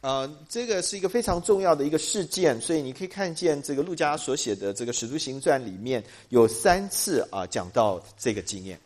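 A man interpreting a sermon live in a church, hesitating often and filling pauses with short filler sounds. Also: medium pitch, big pitch swings, darkish tone.

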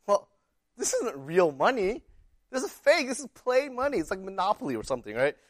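A man voicing an indignant second-grade boy protesting loudly. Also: medium pitch, very animated, a little fast, no echo, clean studio sound, close to an everyday voice. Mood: outraged. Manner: protesting, outraged.

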